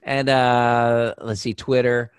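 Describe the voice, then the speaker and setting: A man telling a backstage story as an interview guest, animated and acting out the voices of others. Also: mid-range voice, slow pace, clear, resonant tone, no room sound, studio quality. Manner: animated, acts out voices in his stories. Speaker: guest performer. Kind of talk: casual storytelling.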